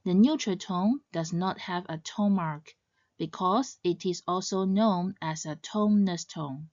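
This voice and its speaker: Woman, scripted lesson narration, unhurried, explanatory, muffled lo-fi sound. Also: on the low side, a little mellow, no room sound. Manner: measured, clearly explaining. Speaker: language teacher.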